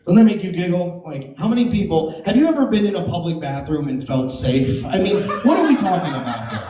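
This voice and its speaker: A man performing a stand-up comedy set, animated and jumping into silly high voices for his bits. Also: fairly quick, hardly any pauses. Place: comedy club stage. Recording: echoey club from a distance with crowd laughter. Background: audience laughing.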